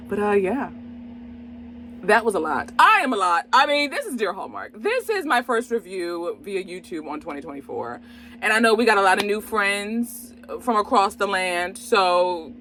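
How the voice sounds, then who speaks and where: An exuberant woman reviews a movie straight to camera in a loose, chatty way. Her voice is bright and forceful, and she bursts into exclamations and laughter often. She talks to her viewers directly throughout. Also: mid-range voice, big pitch swings, moderate pace, a little hiss or hum. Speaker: movie reviewer and channel host.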